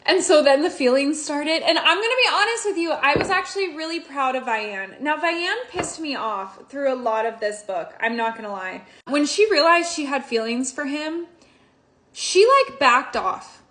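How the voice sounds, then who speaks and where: A woman's voice: sits high, lively intonation, normal speed, fairly bright tone. A young woman reviewing a book in a casual vlog, emotional and gushing, with casual swearing.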